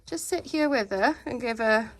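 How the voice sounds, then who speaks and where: A woman dog breeder in a casual home vlog, talking in a calm, steady, instructive way from her living room. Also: fairly high pitch, moderate pace.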